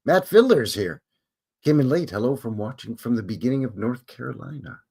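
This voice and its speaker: The host is a Canadian man whose medium-pitched voice is gravelly, husky and darkish, with lively intonation and a slightly quick pace. He chats loosely with livestream viewers, rambling and doubting himself out loud.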